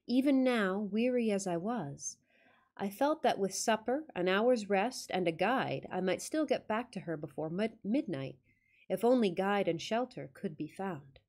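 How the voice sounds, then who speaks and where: A woman reads a classic ghost story in a dramatic storytelling voice of middle pitch. Now and then she breaks off for wry, joking asides before going back to the tale. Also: expressive, unhurried, darkish tone. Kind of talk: storybook reading with casual asides.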